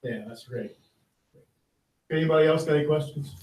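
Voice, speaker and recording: A man's voice: a little high, normal speed, crowd noise. A man chairing a school board meeting, speaking in a plain, procedural way. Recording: echoey room, distant mic, faint noise.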